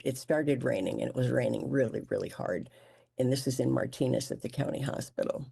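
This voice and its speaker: A guest telling a personal near-death story in a halting way, with many restarts and stammers. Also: mid-range voice, gravelly, warm tone, slightly rough.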